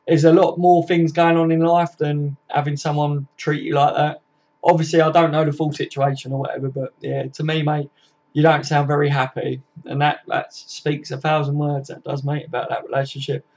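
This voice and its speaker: A man's voice: fairly high pitch, little pitch movement, normal speed, a little mellow. A man, hosting a casual live stream and reading out viewer comments in a chatty, matey way, swearing freely. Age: 40s. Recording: dull lo-fi stream audio.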